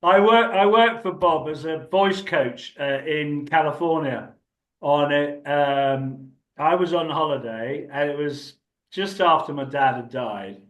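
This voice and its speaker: Older actor guest, rambling anecdotes, slightly higher voice, echoey room. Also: male voice, measured pace, a bit bright. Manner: chatty, rambling, laughs often. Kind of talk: anecdotal storytelling.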